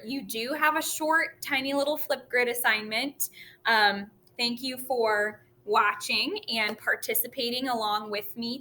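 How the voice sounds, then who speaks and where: A woman music teacher giving a virtual lesson to children, talking slowly and clearly and chanting rhythms for them to repeat. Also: on the high side, bright, forceful tone, slight background noise.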